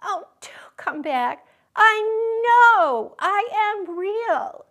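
A woman voicing a small, timid toy rabbit in a storybook reading, high, earnest and pleading. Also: very animated, extremely slow, bright, forceful tone, exaggerated voice. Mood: plaintive.

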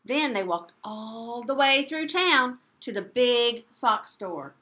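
Woman preschool teacher, storybook read-aloud, bright and lively. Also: on the high side, takes it slowly. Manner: animated and playful, asking the children questions. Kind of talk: reading a picture book to children.

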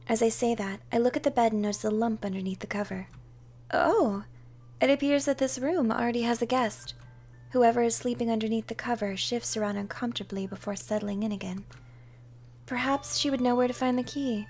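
A woman streaming a game, reading its text and dialogue aloud in a calm, soft-spoken manner. Her voice sits fairly high for a woman. Faint game music plays behind her.

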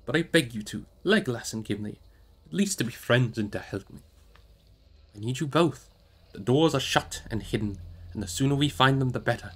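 A man's voice: medium pitch, expressive, lightly acted. A man voicing a grave old wizard. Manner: measured, solemn. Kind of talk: audiobook character reading.

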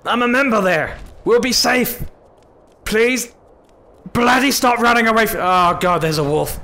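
A man's voice: extremely high pitch, measured pace, bright, forceful tone, slight background noise. A man giving comedic let's-play commentary, scolding and fussing over an in-game companion in an exasperated way. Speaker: gaming YouTuber.

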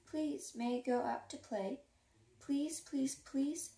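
A woman voicing a small, excitable boy lion cub in a children's storybook, eager and pleading. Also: high voice, takes it slowly, roomy sound.

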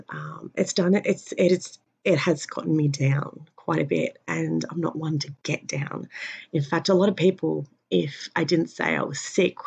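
A tired woman in pain, giving a halting personal health update with many pauses and fillers. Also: sits low, vocal fry, darkish tone, slightly rough. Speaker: vlogger. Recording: dull lo-fi recording.

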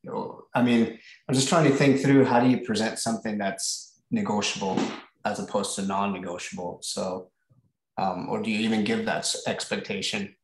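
A man's voice: lowish voice, fairly even intonation, moderate pace. A man who is a new coach and parent, asking a question tentatively while thinking aloud. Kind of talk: casual webinar question. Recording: echoey room.

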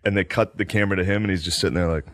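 A man's voice: deep voice, very fast. A man co-hosting a casual chat, telling stories with acted-out quotes and frequent laughter. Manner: animated, acts out quotes, laughs often.

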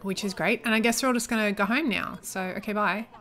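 A young woman chatting casually as she comments on her life-simulation gameplay, excitable and joking as she reacts. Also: mid-range voice, fast. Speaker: gaming YouTuber.

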